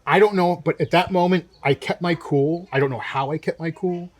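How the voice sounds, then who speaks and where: A young man in casual conversation, telling a story with energy. His voice sits a bit high, and he acts out the lines of the people he quotes. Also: a little fast. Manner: animated storyteller acting out quotes. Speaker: co-host. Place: winery.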